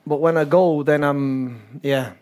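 Older English man, football coach, lively raconteur; slightly high voice, chatty interview guest. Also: slow. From England. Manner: animated storyteller, laughs often, acts out voices. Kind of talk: talk-show interview.

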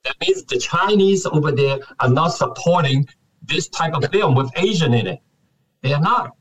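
A man's voice: on the high side, lively intonation, moderate pace, fairly bright tone, far from the mic, slight background noise, low-quality recording. A man, an actor speaking passionately as an interview guest and venting about his frustrations. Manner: passionate, venting, acts out quotes. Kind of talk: candid interview talk.

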